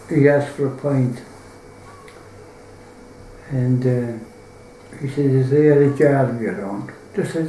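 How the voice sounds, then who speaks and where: A man's voice: medium pitch, mellow, roomy sound, slight background noise, poor audio. An Irish man telling a folk tale in a rambling, colloquial way, full of swearing. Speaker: storyteller.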